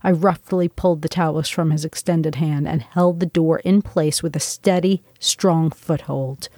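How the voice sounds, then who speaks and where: A woman's voice: deep voice, fairly even intonation, unhurried, warm tone, no echo, clean studio sound. Intense woman reading her memoir. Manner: intense, dramatic storytelling. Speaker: memoir narrator. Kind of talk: first-person memoir reading.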